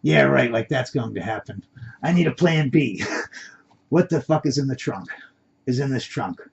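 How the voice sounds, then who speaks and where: A frightened captive man talks himself through his situation, as voiced by a man. The voice is gravelly and husky. The recording is dull and lo-fi. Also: medium pitch, animated, unhurried, exaggerated voice. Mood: anxious. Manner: muttering to himself, panicky.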